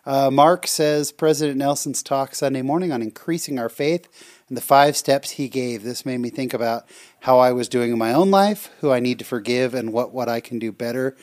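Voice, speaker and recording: A man's voice: mid-range voice, moderate pace. A man co-hosting a podcast, chatting casually and reading out listener comments with effusive, heartfelt reactions. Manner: warm, effusive, reads comments aloud. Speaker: podcast co-host.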